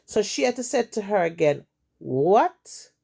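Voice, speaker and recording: Jamaican woman host with a gravelly voice, retelling gossip with emphatic, repetitive drama. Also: mid-range voice, animated, fairly quick, warm tone. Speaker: storytelling host. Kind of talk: retelling a story in casual chat.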